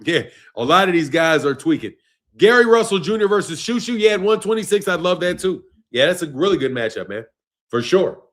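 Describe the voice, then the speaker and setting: A young man with a high-pitched, sing-song, fairly bright voice talks a little fast. Hosting a boxing livestream, he's exasperated and profane, laughing and swearing as he argues with viewers' comments.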